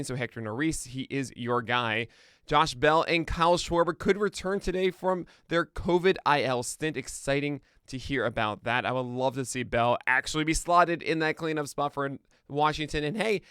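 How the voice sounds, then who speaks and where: Man, podcast host, american, casual and chatty, smooth clear voice, dry close mic. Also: mid-range voice, fairly bright tone, dry recording. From United States. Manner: chatty and self-deprecating, laughs at own jokes. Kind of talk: casual live-stream chat, then news rundown. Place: home studio, streaming live.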